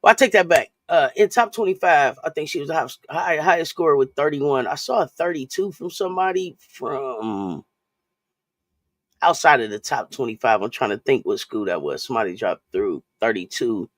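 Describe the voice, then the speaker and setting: A woman's voice: rumbling low, expressive, normal speed, dry recording. A woman hosting a casual sports talk live stream, chatty and loose, often repeating and restarting her phrases while greeting viewers.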